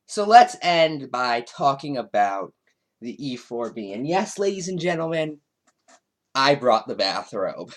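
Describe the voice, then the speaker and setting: Male commentary host, sarcastic, animated intonation. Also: a little slow. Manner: sarcastic, mocking, with lively swings in pitch. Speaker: commentary YouTuber.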